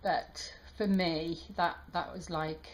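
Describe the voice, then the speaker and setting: A woman tarot reader talking warmly to her viewers, halting and emotional, with many restarts. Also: on the low side, fairly even intonation, slight background noise. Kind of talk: casual heartfelt channel talk.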